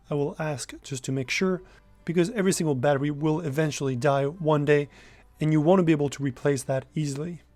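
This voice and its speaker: A man's voice: a little high, darkish tone, no echo. A young man giving a casual, enthusiastic product review straight to camera.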